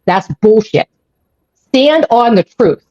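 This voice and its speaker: A woman's voice: on the high side, expressive, slow, warm tone, dry recording. A woman hosting a live stream, ranting angrily and swearing often, repeating her points. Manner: angry, profane, repeats herself. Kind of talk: heated live-stream rant. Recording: dull lo-fi audio.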